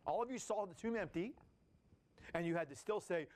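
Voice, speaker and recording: A man leading a Bible study, teaching in a lively, casual way and acting out the people in the story. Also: sits high, brisk. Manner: animated, acts out voices of people in the story, casual slang.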